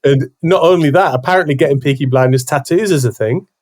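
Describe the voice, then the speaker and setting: A man's voice: medium pitch, fast, a little mellow. Male co-host, medium voice, self-deprecating humor. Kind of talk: casual podcast chat.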